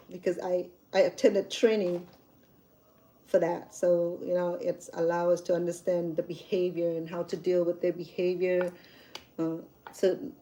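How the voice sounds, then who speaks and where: Mellow-voiced woman telling a story. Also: on the low side, a little hiss or hum, low-quality recording. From Cambodia. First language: Khmer. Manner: candid and chatty, with frequent restarts. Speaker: cooking channel host. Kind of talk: personal storytelling vlog.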